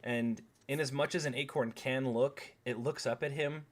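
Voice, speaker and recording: A man's voice: mid-range voice, fairly even intonation, normal speed. A man running a tabletop game as game master, narrating scenes with a wry, exasperated manner.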